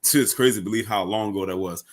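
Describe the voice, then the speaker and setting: A man's voice: fairly low pitch, fast. A man in his thirties reminiscing in casual group talk, filling his sentences with "like.". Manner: reflective, heavy use of "like".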